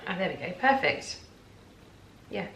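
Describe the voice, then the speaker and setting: A woman talks to her camera in a bubbly, gushing way, full of delight as she opens parcels. Her voice sits at an ordinary middle pitch. The room around her is echoey, with a faint hum of background noise. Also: animated, unhurried, a bit bright. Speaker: lifestyle vlogger. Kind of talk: casual unboxing vlog. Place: home, indoors. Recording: roomy home recording.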